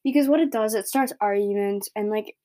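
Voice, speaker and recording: Teen girl podcaster, blunt rambling rant, warm voice, dry close sound. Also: mid-range voice, a little fast, no echo. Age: teens. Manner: blunt, rambling, heavy filler words. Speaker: podcast host. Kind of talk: solo opinion rant.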